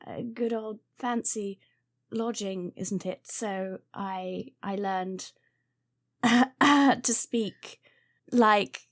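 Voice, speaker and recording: A woman's voice: mid-range voice, very slow, no room sound, clean studio sound. A woman playing a prim, over-polite bird posing as a posh younger sister, speaking in a genteel, hesitant way.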